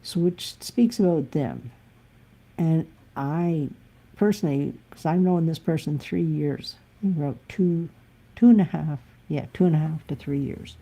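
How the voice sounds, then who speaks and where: Low dark-voiced woman on a live stream, blunt and emphatic, kinda husky. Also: measured pace. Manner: blunt, emphatic, occasionally swearing. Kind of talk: candid live-stream monologue.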